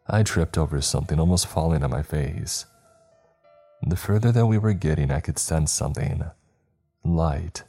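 A man narrating a horror story in a steady, measured storytelling voice. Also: very deep voice, slightly rough, faint music behind.

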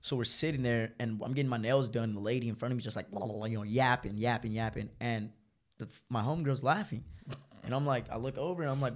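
A young man in casual chat with friends, telling animated, profanity-heavy stories peppered with "like" and "bro". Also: medium pitch, fast talker. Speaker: storyteller guest.

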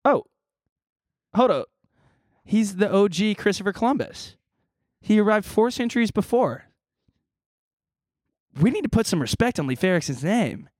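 A man's voice: high-pitched, sing-song, moderate pace, long pauses, a little mellow, no echo. Man, podcast co-host, goofy jokey banter, dry close mic. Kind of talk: casual chat.

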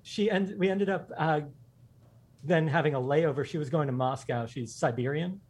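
A man's voice: fairly high pitch, a little mellow, husky. A man guesting on a podcast, telling personal stories with enthusiasm and frequent laughter. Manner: enthusiastic anecdotes, quick, laughing. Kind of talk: storytelling in a casual interview.

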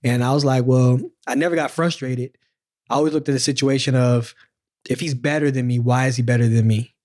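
A man in his forties, a former sprinter, telling his story in a casual podcast chat, slangy and animated, acting out the moments. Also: medium pitch, fast.

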